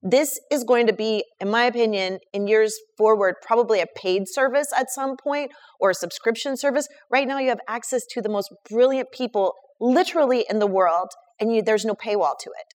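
A woman's voice: fairly high pitch, fairly quick, hardly any pauses, darkish tone. A woman, talking casually in an online audio chat and eagerly recommending people and resources. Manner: enthusiastic, emphatic, recommends people one by one. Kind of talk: casual chat giving advice.

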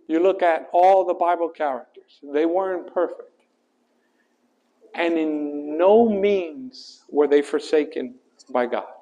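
A male pastor preaching a sermon, slow and earnest, rising in pitch and force at his peaks and asking the congregation to finish verses. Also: a little mellow.

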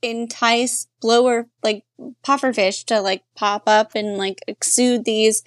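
Female podcast co-host, higher voice, joking and loose delivery with fillers, dry studio sound. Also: fairly even intonation, dry recording. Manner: joking, drawn-out asides with many fillers. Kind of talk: casual banter.

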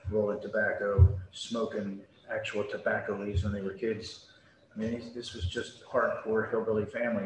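Blunt middle-aged man in an echoey room. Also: lowish voice. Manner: blunt, rambling, emphatic with salty language. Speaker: guest, retired Air Force veteran. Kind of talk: candid interview storytelling. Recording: very echoey room with faint noise.

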